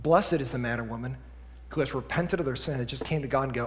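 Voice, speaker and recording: A man preaching a sermon as pastor, lively and conversational, swinging between quiet asides and loud emphatic bursts. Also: medium pitch, fast, in a large hall, slight background noise. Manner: animated preaching, drops to a quiet voice for acted asides then climbs loud. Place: church sanctuary.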